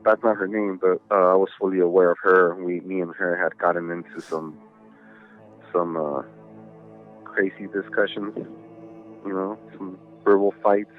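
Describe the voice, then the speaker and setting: This man speaks low and steady at a normal speed over soft background music. On a tinny, phone-like line, he tells a ghost story as a podcast guest in a casual, rambling way, cursing and using many fillers.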